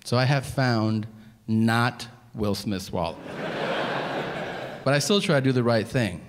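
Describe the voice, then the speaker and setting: A man's voice: medium pitch, slow, big-room sound. A man doing stand-up storytelling on stage, profane and exasperated, with sarcastic asides. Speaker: stand-up comedian. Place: comedy venue stage. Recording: live stage with background noise.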